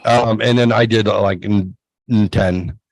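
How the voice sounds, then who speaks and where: A man's voice: unhurried, vocal fry, dry recording, poor audio. Dry-voiced man telling party stories. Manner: animated storyteller, acts out quoted voices in a higher pitch. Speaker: podcast host. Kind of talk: casual storytelling chat.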